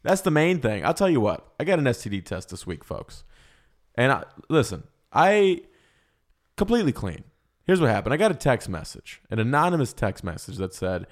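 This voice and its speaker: Young man, podcast host, casual comedy chat, brash, crude jokes, middle pitch. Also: very animated, normal speed. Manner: loud, hyped-up and crude, joking.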